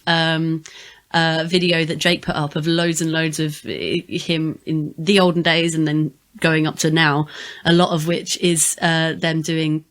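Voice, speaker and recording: Lower-voiced woman chatting away, kinda hunting for words. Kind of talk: casual chat.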